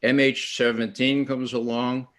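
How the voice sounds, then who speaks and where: Speaking unhurriedly in a flat delivery, an older man with a medium-pitched, fairly bright voice tells stories on a panel at an online event. He is animated in his storytelling, frequently restarts, and acts out quotes.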